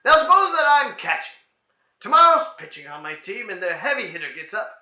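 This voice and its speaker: A man voicing an excitable, flustered man who shouts in exasperation while trying to learn the players' names, in a comedy dialogue reading. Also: high-pitched, echoey room, full character voice. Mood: exasperated. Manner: shouting, exasperated, rapid-fire.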